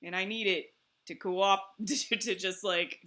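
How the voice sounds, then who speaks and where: A woman's voice: medium pitch, a little slow. A woman hosting a livestream, chatting casually and telling family stories with lots of laughter. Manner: laughing, animated storytelling. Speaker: livestream host. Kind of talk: casual chat.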